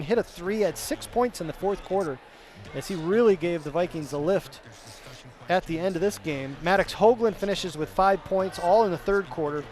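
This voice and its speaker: This postgame wrap-up comes from a male play-by-play announcer whose high voice is a little mellow. Chatty and self-correcting, he runs through the players' stats.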